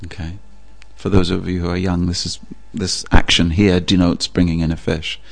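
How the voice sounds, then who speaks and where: A man preaching a sermon, telling a story with a relaxed, anecdotal manner and frequent pauses. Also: sits low, vocal fry, soft background music. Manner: anecdotal, with fillers. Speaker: religious preacher.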